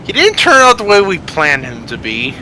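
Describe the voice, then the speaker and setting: A man with a bright, somewhat high voice chats casually as a player in a tabletop game. He rambles, restarts sentences, and keeps correcting himself mid-thought. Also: huge pitch swings, normal speed, slight background noise, poor audio. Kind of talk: casual chat during tabletop game setup.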